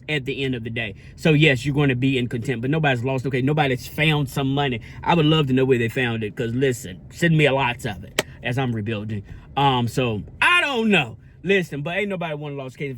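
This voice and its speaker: A man's voice: a little high, slight background noise. A man vlogging in a casual, preachy style, earnest and repetitive, with a sermon-like cadence. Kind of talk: casual preachy vlog talk.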